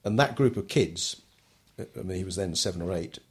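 A man's voice: sits low, lively intonation, moderate pace, slightly rough. An older man telling his story in an interview, talking hesitantly with many ums and restarts. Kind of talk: relaxed oral history interview.

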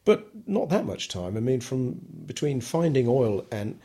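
An older man recounts his story in a relaxed oral history interview, hesitating with many ums and restarts. His medium-pitched voice is mellow with a breathy edge, a little slow, and swings widely in pitch.

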